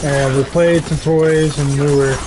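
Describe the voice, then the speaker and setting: A male streamer talks loosely over his game, drifting from one story to the next. His voice sits a little high for a man. A clear layer of noise runs underneath the talk. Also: a little slow. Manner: rambling, animated storytelling. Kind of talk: casual live-stream chat while gaming.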